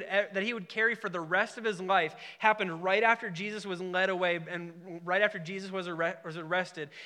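A man's voice: high-pitched, bright, forceful tone. A man preaching a sermon to a congregation in a conversational, emphatic way, with asides and questions to the room. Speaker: pastor.

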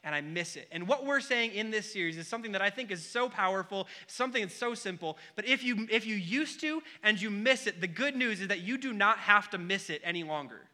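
High, bright-voiced young pastor preaching. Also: male voice, a little fast, hardly any pauses. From Wisconsin. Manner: animated storytelling with comic asides. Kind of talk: sermon.

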